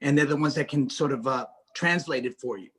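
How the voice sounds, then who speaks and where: On a video call, a middle-aged American actor and director talks casually as an interview guest, full of stammered restarts and self-deprecating jokes. His medium-pitched voice is brisk and a bit bright.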